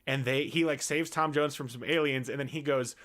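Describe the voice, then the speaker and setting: A man co-hosting a casual comedy podcast, retelling movie scenes in an animated way and laughing often. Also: mid-range voice, a little fast.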